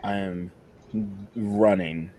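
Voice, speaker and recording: A man playing a tabletop role-playing game in a casual, excitable way, laughing often and swearing. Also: sits low, extremely slow, background noise. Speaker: player.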